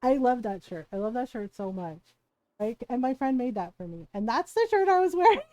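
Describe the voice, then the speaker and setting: A woman with a high voice tells an animated story to her stream, laughing often and tossing in "right?" every few lines. The sound is close and dry. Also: a little fast, no room sound. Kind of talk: casual storytelling chat.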